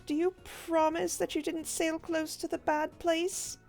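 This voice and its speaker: A woman's voice: extremely high pitch, level tone, unhurried, vocal fry, a little mellow, voice pushed up, full character voice. A woman voicing a small child who pleads with the adults and asks worried questions. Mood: anxious. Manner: pleading, whiny. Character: young child asking anxious questions.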